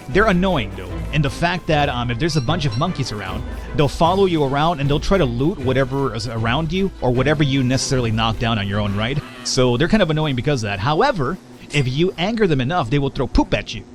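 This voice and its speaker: A man hosting a casual let's play, chatting and joking as he plays. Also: mid-range voice. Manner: chatty, jokey, animated. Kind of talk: casual gameplay commentary.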